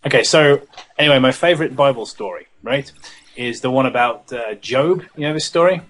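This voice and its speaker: A man's voice: medium pitch, a little fast, a bit bright. Irreverent British man chatting. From Britain. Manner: irreverent, rambling storyteller. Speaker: let's play co-host. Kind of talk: casual podcast chat.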